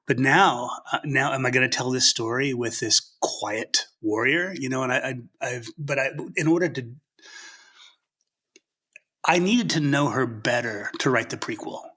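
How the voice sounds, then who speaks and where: A man talks as a guest novelist in a casual interview, earnest and passionate. He thinks aloud as he goes. His voice is husky and bright. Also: medium pitch, moderate pace.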